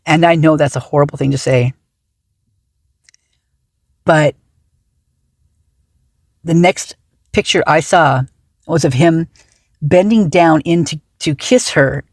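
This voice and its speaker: A woman's voice: deep voice, slow pace, long pauses, no echo, clean studio sound. A woman hosting a casual reaction commentary, talking in an indignant, agitated way with many restarts and trailing fillers. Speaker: true-crime commentary channel host.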